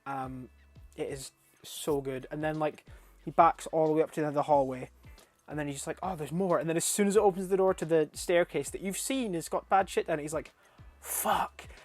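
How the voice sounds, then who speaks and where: A young man rambling casually about a film in a review vlog, swearing freely and getting animated and laughing when something amuses him. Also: fairly high pitch, a little fast, dry recording, soft background music.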